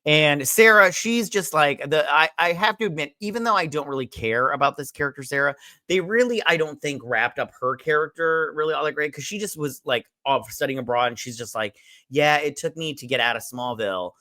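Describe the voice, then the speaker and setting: A man hosts a casual review with a bright, forward voice. He rambles through fillers and swears freely. The sound is close and dry. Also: fairly high pitch, brisk, no echo. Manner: rambling, filler-heavy, swears, acts out quotes. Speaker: show host reviewing a TV episode.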